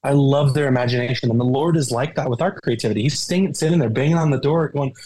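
A man talking earnestly as a podcast guest, telling stories with animated emphasis. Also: mid-range voice, quick pace, few pauses, slightly rough, rough recording. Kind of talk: conversational interview.

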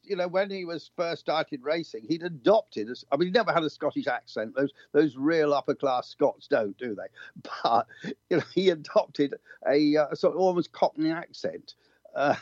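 Older male guest, anecdotal, slightly high, muffled remote line. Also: lively intonation, normal speed, darkish tone, no room sound. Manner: reminiscing, anecdotal, chuckling asides. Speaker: motorsport journalist and regular guest. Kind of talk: casual chat.

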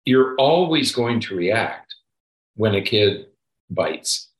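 Slow but very animated, this lowish male voice belongs to a psychologist co-hosting a parenting podcast. He gives casual advice emphatically, driving points home with "okay?" again and again, on a rough, reverberant recording.

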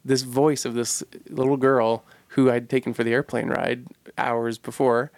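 In an unhurried, medium-pitched and flat delivery, a man co-hosting a podcast shares a personal story earnestly and reflectively, groping for the right words. No room sound can be heard.

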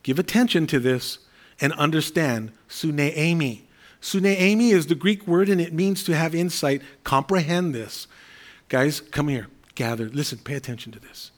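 A man's voice: on the high side, normal speed. A man preaching an earnest, conversational sermon, explaining scripture and Greek words. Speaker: pastor.

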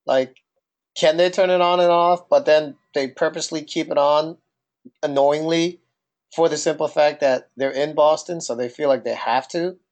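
A man's voice: fairly high pitch, steady tone, moderate pace, a little mellow. A young man from New Jersey with a New Jersey accent, co-hosting a casual podcast and asking questions between anecdotes. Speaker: podcast co-host. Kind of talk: casual chat.

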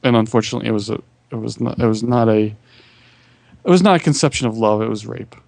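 Halting, earnest man on a dry mic. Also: on the low side, gravelly, a little mellow, no echo. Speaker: podcast co-host. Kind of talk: casual chat.

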